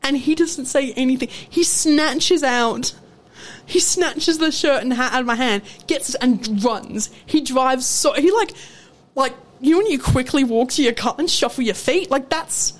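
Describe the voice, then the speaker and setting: A young woman co-hosting a podcast, telling a work story in a casual, animated way and laughing often. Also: high-pitched, a little slow. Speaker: podcast co-host. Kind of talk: casual chat.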